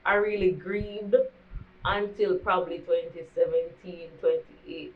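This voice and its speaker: A woman's voice: lowish voice, steady tone, normal speed. Jamaican woman telling a candid story. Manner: candid, slips into patois. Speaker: vlogger. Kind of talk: storytime vlog. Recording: dull lo-fi recording.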